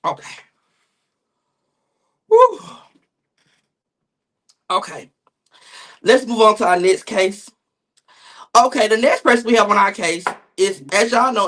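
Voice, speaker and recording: Loud profane man ranting on a stream. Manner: loud, profane, dramatic rants that jump into high-pitched shouting. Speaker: gossip streamer host. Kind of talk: casual live-stream commentary.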